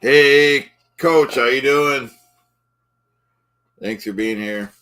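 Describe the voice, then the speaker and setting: A man doing a self-important, thin-skinned guy cooking ham and eggs for a live stream, in a somewhat low voice. He rambles from topic to topic and keeps indignantly repeating that nobody should question him, all in an improvised comedy bit. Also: expressive, unhurried, a bit bright. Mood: blustering. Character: pompous, touchy middle-aged man cooking eggs live. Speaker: livestream host in character.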